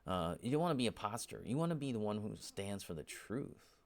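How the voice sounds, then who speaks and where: A man with a low, gravelly voice leads a casual Bible teaching. He talks to his listeners rather than at them, peppering his points with "right?" and "you know". When he tells them what not to do, he presses the words firmly. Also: big pitch swings, brisk. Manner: informal, keeps checking in with "right?" and "you know"; grows emphatic when exhorting.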